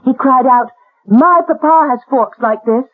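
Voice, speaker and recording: An actress playing a practical, matter-of-fact woman in a 1970s radio drama, speaking briskly. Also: high voice. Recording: tinny old radio broadcast.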